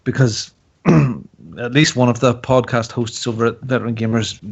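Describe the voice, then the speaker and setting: A man's voice: medium pitch, steady tone, normal speed, creaky, slightly rough. A man hosting a podcast in casual chat, joking and teasing as he rambles through topics. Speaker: podcast host. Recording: dull lo-fi audio.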